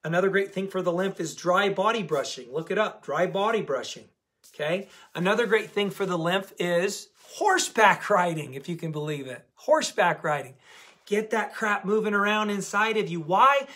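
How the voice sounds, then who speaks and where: A man's voice: high voice, lively intonation, normal speed, sharp tone. A man coaching a diet program community in a casual, emphatic talk to camera, repeating key words for stress.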